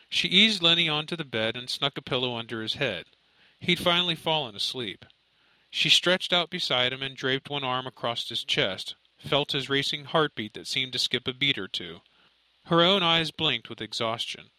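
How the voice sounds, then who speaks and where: A man narrating an audiobook in a steady, measured storytelling voice. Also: medium pitch, dry recording, rough recording. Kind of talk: scripted narration.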